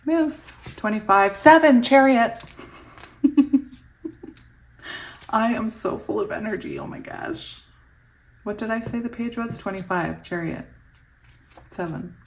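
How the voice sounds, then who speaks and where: A young woman giving a casual tarot reading, giggly and excitable, often laughing as she reads the cards aloud. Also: mid-range voice, unhurried, a little hiss or hum. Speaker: tarot reader.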